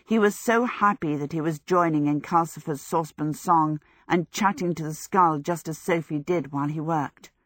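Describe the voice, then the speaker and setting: A woman reading a novel aloud in steady, even audiobook narration on a close microphone. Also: low voice, moderate pace, hardly any pauses, no room sound.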